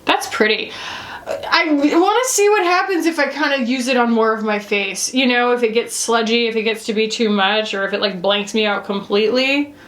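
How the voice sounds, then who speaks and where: A woman's voice: fairly high pitch, normal speed, fairly bright tone. Chatty woman reviewing makeup in an echoey room. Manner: chatty, rambling, frequent "you know" and "like". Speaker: beauty reviewer. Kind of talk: casual makeup review vlog.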